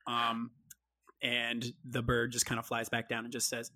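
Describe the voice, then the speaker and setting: A woman describing her character's actions in a tabletop game, slowly and playfully. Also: rumbling low, completely flat delivery, pushed and bright. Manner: slow, playful. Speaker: player.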